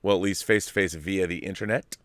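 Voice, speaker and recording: A man's voice: deep voice, fairly even intonation, brisk, no room sound. A male host chatting casually and reading out viewer messages with wry humor. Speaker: show host. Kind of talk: casual chat.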